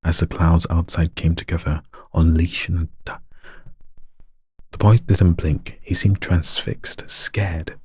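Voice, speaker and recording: Deep husky male story narrator. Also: fairly even intonation, slow pace, a little mellow, no echo, clean studio sound. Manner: stumbles and retakes lines, joking with himself. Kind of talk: reading a story aloud.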